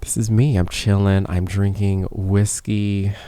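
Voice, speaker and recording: A man's voice: fairly low pitch, little pitch movement, a little slow, mellow, clear, resonant tone, dry recording. A man hosting a podcast, talking in a loose, rambling and self-mocking way, sometimes dropping to a whisper, close on a studio microphone in a small studio. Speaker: podcast host. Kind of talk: casual rambling monologue. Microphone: professional studio microphone, close.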